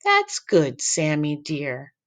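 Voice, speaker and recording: A man's voice: very high-pitched, very animated, normal speed, fairly bright tone, pitched above the performer's own voice, heavily acted. A man voicing a stern, bossy gray-haired grandmother in a story reading. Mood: tender.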